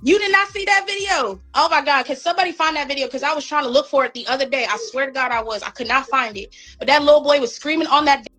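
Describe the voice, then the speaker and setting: A woman's voice: high-pitched, quick pace, bright, forceful tone, soft background music, poor audio. A woman from Northern Virginia giving casual gossip commentary, blunt and mocking, repeating phrases for emphasis. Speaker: commentary streamer.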